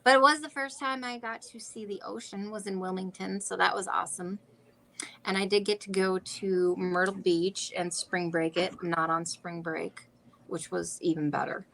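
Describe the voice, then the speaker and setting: A woman from Michigan's Upper Peninsula hosting a casual chat, blunt and quick to swear, laughing often. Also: medium pitch, fairly even intonation, gravelly, a bit bright, slight background noise, poor audio. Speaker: vlog host.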